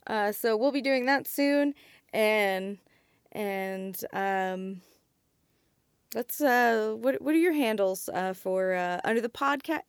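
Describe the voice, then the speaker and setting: A woman hosting a podcast in casual chat, talking in quick bursts with lots of fillers and restarts. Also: mid-range voice, smooth, dry recording, studio quality. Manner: chatty, frequent fillers and restarts, laughs easily. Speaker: podcast host.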